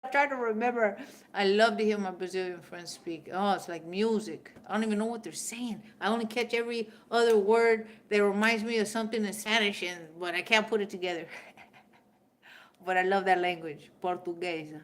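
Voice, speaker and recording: Woman in her middle years, spiritual livestream host, brash and profane, loud bursts then hushed asides, casual chat with viewers. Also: mid-range voice, fairly quick.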